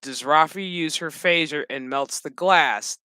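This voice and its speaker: A man's voice: fairly high pitch, unhurried, clear, resonant tone, no echo. Joking, foul-mouthed man recapping a show. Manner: profane, joking, animated storytelling. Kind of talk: casual episode recap.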